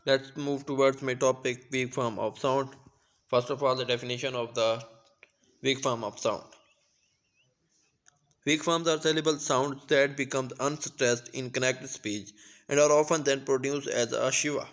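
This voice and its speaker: A young man from Pakistan giving a class presentation on pronunciation, speaking slowly and carefully, with occasional restarts. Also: medium pitch, steady tone, a bit bright. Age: young adult. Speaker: student presenter.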